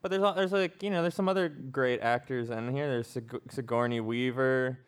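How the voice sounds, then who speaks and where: A man's voice: mid-range voice, moderate pace, clear, resonant tone. A man co-hosting a podcast in casual, joking chat. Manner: joking, playful, stumbling restarts. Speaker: podcast co-host.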